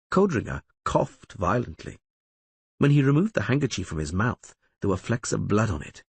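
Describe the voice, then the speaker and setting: A man narrates a fantasy audiobook in a dramatic, expressive manner. His husky voice swings wide across its range. The sound is dry and close. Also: on the low side, moderate pace, dry recording.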